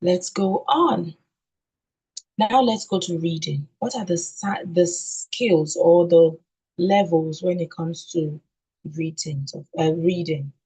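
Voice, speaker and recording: A woman's voice: fairly low pitch, dark tone, low-quality recording. A woman training teachers in an online session, repeating key words and answering her own questions. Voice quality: husky. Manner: sounds out letters slowly.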